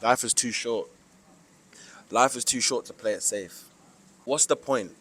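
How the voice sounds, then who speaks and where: Speaking to camera in a British accent, a young UK vlogger gives a preachy, emphatic motivational monologue packed with slang. His voice is medium in pitch and a bit bright.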